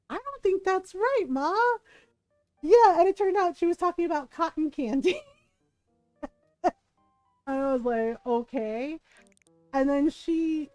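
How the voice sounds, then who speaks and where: A woman streamer chatting casually, telling a family story in an animated way and giggling often. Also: a little high, rough recording. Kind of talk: casual chat while gaming.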